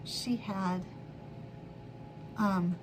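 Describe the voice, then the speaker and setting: A woman's voice: medium pitch, steady tone, extremely slow, a little hiss or hum, low-quality recording. A middle-aged woman hosting a sewing livestream, telling a long rambling story with frequent laughs and self-corrections. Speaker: livestream host. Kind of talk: casual chat while sewing.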